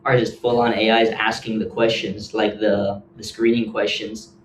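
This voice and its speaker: A man's voice: on the low side, level tone, normal speed. A young man co-hosting a casual podcast, talking loosely and filling gaps with "like". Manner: loose, filler-heavy, says "like" often. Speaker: podcast co-host. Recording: echoey room, faint background hiss.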